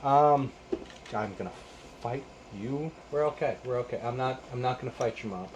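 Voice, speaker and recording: A man's voice: mid-range voice, normal speed, slight background noise. Exasperated swearing man in his thirties. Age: 30s. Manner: exasperated, swearing, sarcastic rants. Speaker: YouTube host. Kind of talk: casual guitar how-to vlog.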